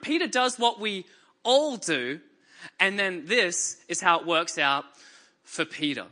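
A man's voice: sits high, lively intonation, slow pace, bright, forceful tone. A man with an Australian accent preaching a sermon to a church congregation, mixing wry jokes with dramatic scripture reading. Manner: conversational and joking, reads scripture dramatically.

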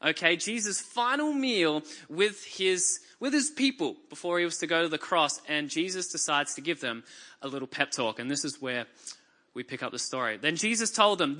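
An Australian-accented man preaches to a church congregation, blending wry jokes with dramatic scripture reading. His high-leaning voice is expressive, bright, and forceful at a normal speed, and his manner stays conversational and joking.

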